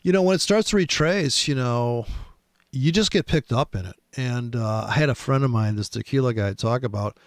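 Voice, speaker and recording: A man's voice: medium pitch, fairly quick, dry recording, studio quality. A man hosting a casual chat, telling rambling, profane trading stories full of restarts.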